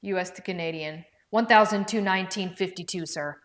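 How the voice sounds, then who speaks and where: A woman's voice: fairly low pitch, brisk. Chatty woman hosting a live stream. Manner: chatty, talks to viewers by name and reads out comments; thinks aloud while checking prices, with restarts. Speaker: livestream product presenter. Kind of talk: casual live-stream chat. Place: indoors at home with her dog.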